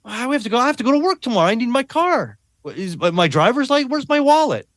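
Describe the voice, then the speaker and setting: A man's voice: very high-pitched, very animated, fast talker, a bit bright, no echo, clean studio sound, pitched above the performer's own voice, full character voice. A man doing his anxious, confused elderly father. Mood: agitated confusion. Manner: agitated, pleading questions.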